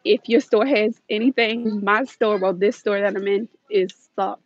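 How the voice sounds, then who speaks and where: A woman livestreams from inside a big store, chatting to her viewers in a hurried, friendly rush and sounding a little out of breath. Her voice comes through a handheld phone with dull, muffled audio and very little room echo. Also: medium pitch, steady tone. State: slightly out of breath. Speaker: deal-hunting vlog host. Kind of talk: live shopping stream. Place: inside a large retail store.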